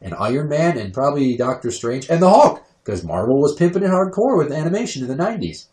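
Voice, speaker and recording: A man's voice: fairly high pitch, very animated, fast, a little mellow, reverberant. A young adult man hosting a casual podcast, talking crudely and swearing freely, putting on voices when he quotes people. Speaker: podcast host.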